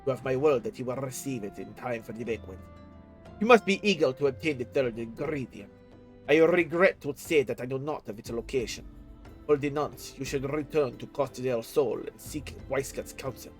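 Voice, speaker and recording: A man's voice: medium pitch, moderate pace, faint music behind, natural voice, low-quality recording. A man reading aloud the lines of a dignified older sea captain in a game, using formal, old-fashioned phrasing. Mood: earnest.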